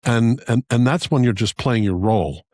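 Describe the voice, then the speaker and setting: A man's voice: mid-range voice, normal speed, darkish tone, dry recording, clean studio sound. A man co-hosting a casual political talk show, pushing back directly and skeptically. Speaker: podcast co-host.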